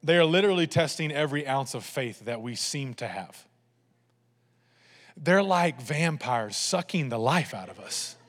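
A pastor preaching a sermon, telling funny family stories to his congregation in an animated way. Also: mid-range voice, a little slow, long reverb tail. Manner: animated, humorous storytelling to a congregation.

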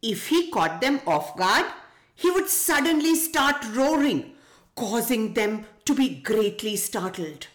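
A woman's voice: fairly high pitch, sing-song, slow, roomy sound. A woman hosting a children's podcast, narrating a folktale and asking young listeners questions. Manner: gentle, asks children questions. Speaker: children's podcast host and storyteller.

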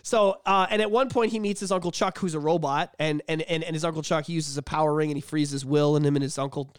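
A man co-hosting a casual podcast, telling stories in an excited, rambling way and swearing freely. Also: on the high side, fast, clear, resonant tone, no echo, clean studio sound. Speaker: podcast co-host. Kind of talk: casual chat.

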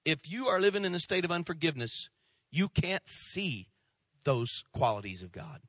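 A male pastor preaching a sermon to his church, impassioned at first, then soft and pleading as he calls people forward. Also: a little high, sing-song, moderate pace, dry recording, studio quality. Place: church sanctuary.

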